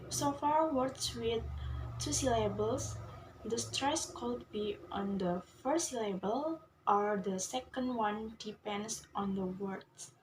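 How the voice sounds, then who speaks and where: A young woman with an Indonesian accent, a student reading a pronunciation assignment slowly and carefully, repeating each example sound. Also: fairly high pitch, background noise. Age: young adult. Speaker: student presenter.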